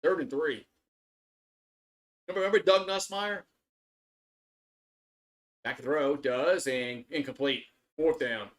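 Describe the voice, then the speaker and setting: A man's slightly high, somewhat bright voice moves slowly, with long gaps between phrases. He's casually narrating and reacting live on a stream, rambling, starting over repeatedly, cursing, and getting worked up.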